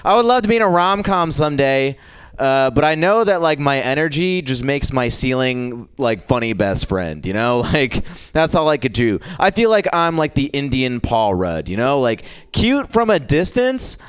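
A man doing a stand-up set at an open mic, quick and self-mocking, laughing through his lines. His voice is mid-pitched and smooth. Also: sing-song. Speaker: stand-up comic.

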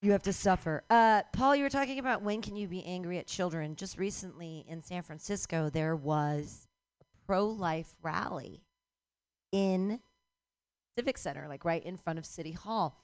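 A woman's voice: lowish voice, normal speed, clean tone. Profane ranting middle-aged woman comic. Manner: profane, ranting, bursts into shouts. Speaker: stand-up comedian. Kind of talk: stand-up comedy set.

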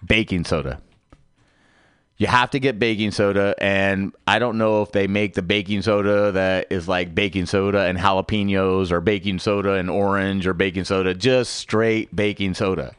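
Low-voiced man doing a dry sales-pitch rant. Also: steady tone, moderate pace, clear, resonant tone, dry recording. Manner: salesman-like pitch with big swooping emphasis. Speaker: radio show host. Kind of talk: mock infomercial comedy rant. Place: radio studio.

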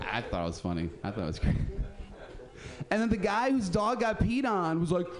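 A man's voice: sits high, wildly swooping pitch, moderate pace. A man hosting a radio show, telling street stories in a casual, profane way and acting out the people he quotes. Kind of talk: casual storytelling chat.

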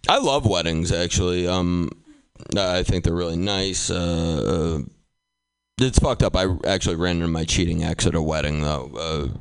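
A man's voice: deep voice, moderate pace, clear, resonant tone, no echo. A man from doing a stand-up comedy set, telling a story animatedly and laughing at his own jokes. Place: comedy club stage.

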